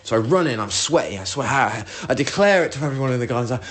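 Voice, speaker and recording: Guy rambling thru a story on his podcast, swears a ton, acts out his own rants, mid pitched voice. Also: lively intonation, fast talker, few pauses, fairly bright tone, a little hiss or hum. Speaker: podcast host. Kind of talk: solo storytelling monologue.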